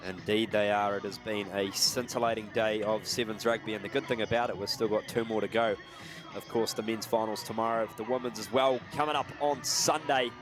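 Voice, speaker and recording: A man calling live rugby play-by-play, building to shouts on big plays. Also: lowish voice, steady tone, fairly quick. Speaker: play-by-play commentator.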